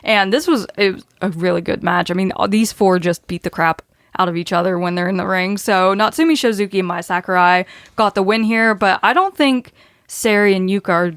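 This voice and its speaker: A woman's voice: medium pitch, a little fast, smooth, no room sound, studio quality. Chatty woman recapping match results. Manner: reads match results, laughs often. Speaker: podcast host. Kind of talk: casual podcast recap.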